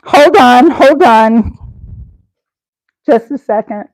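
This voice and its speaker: Woman live stream host, high and unhurried, giggly, chatty with viewers, dry close sound. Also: expressive, darkish tone, no room sound, low-quality recording. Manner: giggly, addresses chat viewers by name. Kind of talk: rambling comedic live chat.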